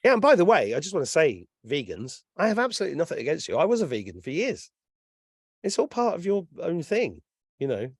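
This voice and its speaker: An English man in his fifties, telling stories in a casual chat as a guest, animated and swearing freely. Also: on the high side, brisk, breathy edge, no echo, clean studio sound. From England. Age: 50s. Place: lives in Ireland.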